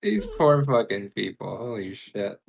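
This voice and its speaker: A man's voice: on the low side, big pitch swings, unhurried, creaky, muffled recording, crowd noise. A man co-hosting a stream, chiming in with blunt, dry remarks and casual swearing. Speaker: stream co-host. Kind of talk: casual reaction commentary.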